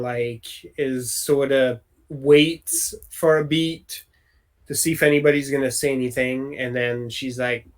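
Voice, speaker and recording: A man as game master, narrating a tabletop game over a voice call in a relaxed way with many pauses and ums. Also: medium pitch, rough recording.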